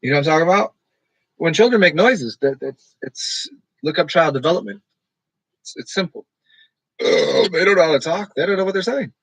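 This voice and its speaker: A man rambling in casual livestream chat with his viewers, describing his own delivery as monotone. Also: a little high, normal speed, long pauses, breathy edge, dry recording, poor audio. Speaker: streamer talking to live chat.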